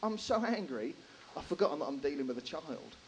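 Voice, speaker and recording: A man doing a stand-up comedy set in a live room, animated, swearing freely and acting out characters. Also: a little high, fairly quick, a little hiss or hum, low-quality recording.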